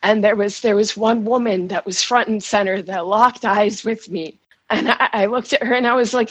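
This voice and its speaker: A shaken woman giving an emotional first-person account as a guest, halting and restarting, with nervous laughs. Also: mid-range voice, husky, dry recording, rough recording. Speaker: guest recounting events.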